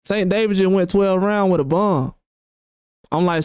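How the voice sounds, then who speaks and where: High-voiced man ranting about boxing. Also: normal speed, smooth, no echo, studio quality. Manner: animated, repeats himself, rhetorical questions. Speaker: boxing commentary host. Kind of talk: heated casual commentary.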